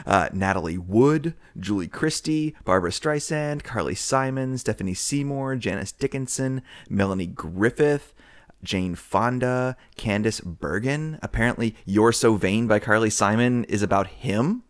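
A man's voice: on the low side, unhurried, dry recording, clean studio sound. A man co-hosting a casual film podcast, joking, laughing often and reading lists from his notes. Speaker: podcast co-host.

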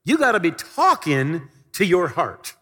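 A man's voice: sits high, sing-song, unhurried, fairly bright tone, big-room sound. A male pastor preaching a sermon with fervent, emphatic delivery and repeated phrases.

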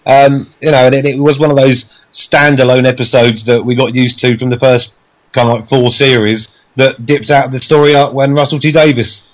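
A man's voice: mid-range voice, little pitch movement, low-quality recording. A man co-hosting a casual podcast over a call, joking and chatty. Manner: joking, quick. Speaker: podcast co-host.

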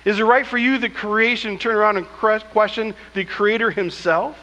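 A man's voice: high voice, steady tone, normal speed, sharp tone, in a large hall, dull audio. A man preaching a sermon as pastor, with emphatic asides and acted-out scripture quotes, speaking in a church. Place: church sanctuary.

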